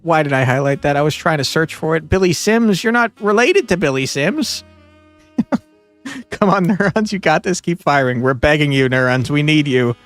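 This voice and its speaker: A man playing a detective puzzle game and talking through it, excitable, swinging between muttering and yelling. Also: fairly high pitch, moderate pace, soft background music. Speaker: gaming streamer. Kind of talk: let's play commentary.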